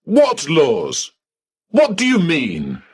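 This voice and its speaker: A man voicing an indignant newly dead man who shouts and pleads in outrage at heaven's reception desk. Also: fairly high pitch, huge pitch swings, very slow, slightly rough, pitched above the performer's own voice, exaggerated voice. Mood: distraught.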